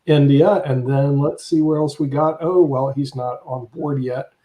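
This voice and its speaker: A man's voice: on the high side, steady tone, measured pace, dark tone, reverberant, low-quality recording. A man hosting a live online panel, introducing guests with jokes and rambling, repeated words. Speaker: show host.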